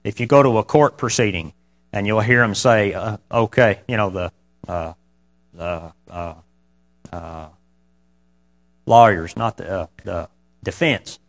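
A man's voice: on the low side, unhurried, long pauses. A man preaching a sermon, talking conversationally to his congregation, often asking them questions and reading scripture aloud. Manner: reads scripture in King James wording. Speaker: pastor.

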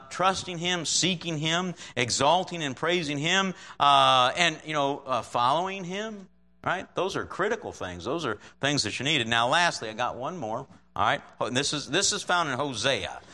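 A man preaching in a relaxed, conversational way, his voice a touch high and bright with a forceful edge. He reads scripture aloud and keeps checking in with his listeners. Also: normal speed. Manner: conversational, checks in with frequent "right?"; chuckles often while preaching. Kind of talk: sermon with scripture reading.

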